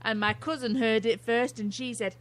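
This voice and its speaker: A woman's voice: fairly high pitch, steady tone, normal speed. A woman with a Derby English accent, co-hosting a casual podcast chat, swearing freely and laughing often as she tells stories. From England. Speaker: co-host.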